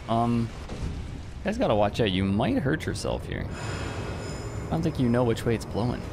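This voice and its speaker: A man's voice: mid-range voice, sing-song, moderate pace, vocal fry, long pauses, background noise. A man streaming an online game, giving casual commentary in a playful, teasing way with frequent chuckles.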